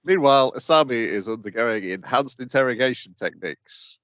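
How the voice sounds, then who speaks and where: A man's voice: mid-range voice, expressive, a little fast, fairly bright tone, no room sound. A man co-hosting an anime podcast, moving the recap along with brief plot summaries. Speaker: podcast co-host. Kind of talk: casual chat recapping an anime.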